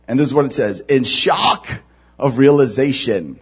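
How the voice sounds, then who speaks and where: A male pastor preaching a sermon, animated, moving from hushed, low passages to loud, shouting ones. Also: normal speed, husky.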